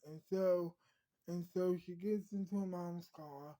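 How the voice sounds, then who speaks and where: Woman storyteller, rambling improvised narration, dark mellow voice. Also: lowish voice, fairly even intonation, a little slow, dry recording, rough recording. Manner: rambling, frequent restarts and fillers.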